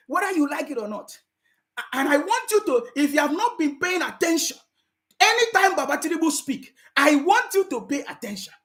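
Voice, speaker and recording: Emphatic high-voiced Nigerian woman vlogging. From South South Nigeria. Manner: emphatic, repeats her points, slips into pidgin. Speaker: political vlogger. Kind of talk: political commentary vlog.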